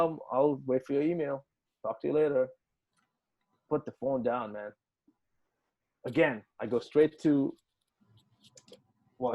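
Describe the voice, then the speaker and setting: A mid-range male voice on lo-fi sound belongs to a musician guest from the United Arab Emirates. In a casual interview, he tells an animated story loaded with swearing, acting out the quoted dialogue.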